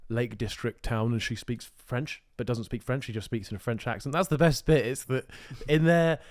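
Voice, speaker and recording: A young man co-hosting a podcast, teasing his friend with deadpan jokes in casual chat. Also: medium pitch, normal speed, dry recording, studio quality. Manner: deadpan teasing, jokey provocations. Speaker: podcast co-host.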